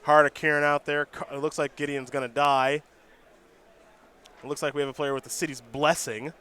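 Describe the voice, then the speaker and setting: A man calls a card game tournament live, brisk and good-humored. His voice is bright and sits a little high, and he sometimes trips over the card names as he goes. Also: flat delivery, clean tone. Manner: brisk, joking play-by-play with stumbles on card names. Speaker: play-by-play commentator.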